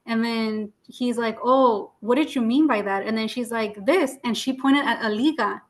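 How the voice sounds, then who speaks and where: A woman's voice: a little high, normal speed. A woman in casual chat, laughing often and telling anecdotes with fillers and Spanish words.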